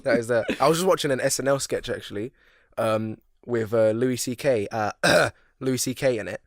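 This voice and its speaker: A young man co-hosting a podcast, chatting in casual banter, animated and joking with frequent laughs. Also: mid-range voice, moderate pace, no room sound, clean studio sound. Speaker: podcast co-host.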